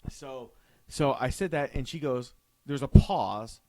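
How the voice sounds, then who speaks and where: A man's voice: medium pitch, measured pace. A man co-hosting a podcast who tells a story in casual chat, acting out the scene and laughing often. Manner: animated, acts out the scene, laughs a lot. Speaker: podcast co-host.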